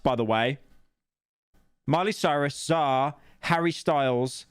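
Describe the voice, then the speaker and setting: A man's voice: mid-range voice, lively intonation, moderate pace, clean tone, no room sound, studio quality. A man streaming casually, reacting to a video with blunt, crude, rambling remarks.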